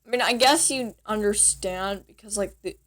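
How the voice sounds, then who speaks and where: A woman's voice: medium pitch, normal speed, fairly bright tone. A young woman chatting casually in a vlog, teaching basic French phrases in a giggly, rambling, self-deprecating way.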